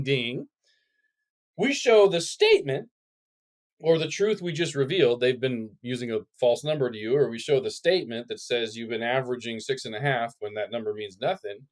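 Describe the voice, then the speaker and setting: A man co-hosting a retirement planning podcast, talking casually and acting out quoted people. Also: medium pitch. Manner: animated, acts out quoted people. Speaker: podcast co-host.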